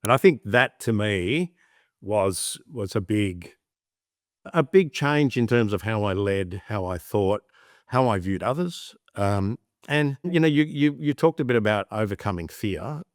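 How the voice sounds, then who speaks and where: A middle-aged Australian man with a lowish voice tells stories with lively animation. He slips into little character voices as he talks. The sound is dry and close. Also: unhurried, dry recording. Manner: animated storyteller, acts out voices in anecdotes. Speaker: guest. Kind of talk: reflective interview talk.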